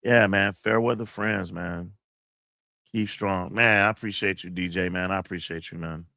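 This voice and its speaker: A man's voice: sits low, steady tone, moderate pace, sharp tone, no echo, clean studio sound. A man hosting a livestream, reading chat comments and venting emphatically, with plenty of profanity. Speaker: college teacher and livestream host.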